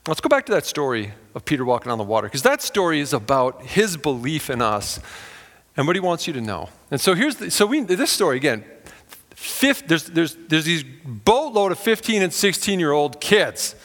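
Bright high-voiced preaching man. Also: very animated, moderate pace, long reverb tail. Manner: earnest, conversational preaching with acted quotes. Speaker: pastor. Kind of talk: sermon.

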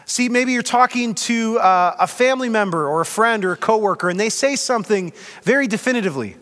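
A man's voice: high-pitched, expressive, a little fast, fairly bright tone, big-room sound. A man preaching a sermon as pastor, in a conversational way with light humor.

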